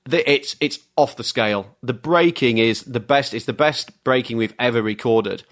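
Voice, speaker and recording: A man's voice: mid-range voice, moderate pace, fairly bright tone. A man, a car journalist, chatting as a podcast guest in an enthusiastic, rambling storytelling way. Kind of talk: casual podcast chat.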